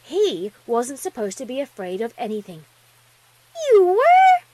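A woman reading a fan story aloud as the narrator, with expressive delivery. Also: a little high, normal speed, breathy edge, low-quality recording.

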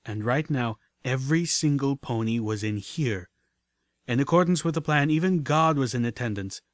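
A man narrating a first-person adventure story in a steady, measured reading. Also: mid-range voice, no echo, clean studio sound. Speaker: audiobook narrator.

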